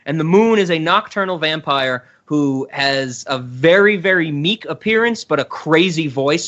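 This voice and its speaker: A man's voice: fairly high pitch, expressive, moderate pace, hardly any pauses, fairly bright tone. A man hosting a casual podcast, enthusiastically retelling a cartoon scene in a rambling way. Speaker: podcast host. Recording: dull lo-fi sound.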